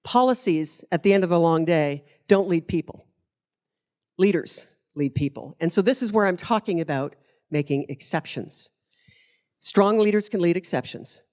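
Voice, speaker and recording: A woman's voice: fairly low pitch, expressive, moderate pace, darkish tone. A middle-aged woman, giving a conference keynote speech and telling stories in a passionate, emphatic way. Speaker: keynote speaker.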